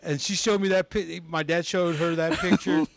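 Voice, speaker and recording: His voice sits on the high side with a creaky quality, delivered at a moderate pace with no room sound. He's a young comedian guesting on a podcast, telling animated stories casually and laughing often.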